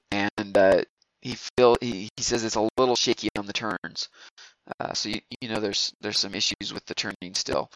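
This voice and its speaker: A man's voice: on the low side, a bit bright, dry recording, rough recording. A man narrating as game master of a tabletop game, rambling with many fillers and restarts.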